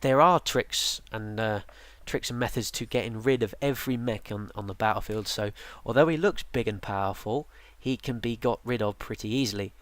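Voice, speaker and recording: A man's voice: on the low side, normal speed, few pauses, no echo. Tired, rambling man with a dry close sound. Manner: relaxed, rambling with many ums and restarts. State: yawning, tired. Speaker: game guide presenter. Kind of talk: casual game tutorial narration.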